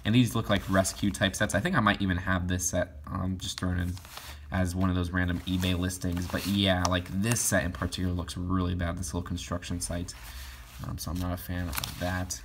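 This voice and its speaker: Young male vlogger, low voice, loose filler-heavy delivery. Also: flat delivery, brisk, noisy background. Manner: rambling, many fillers and restarts. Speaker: toy collector vlogger. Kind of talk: casual catalog review.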